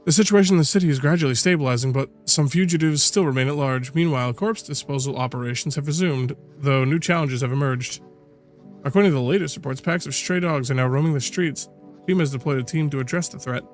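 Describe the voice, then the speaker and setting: A man reading a TV news anchor's lines aloud in a brisk, formal broadcast manner. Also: mid-range voice, soft background music, natural voice.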